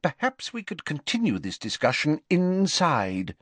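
Man putting on a fussy official, high nervous voice, lively stiff delivery, storybook reading. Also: unhurried, no echo, full character voice. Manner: stiff, prim and high-strung. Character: pompous nervous male Ministry official.

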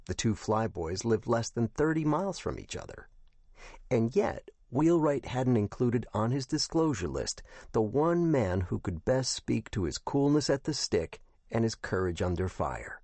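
A man narrating a first-person audiobook in a measured, even way. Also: mid-range voice, no echo.

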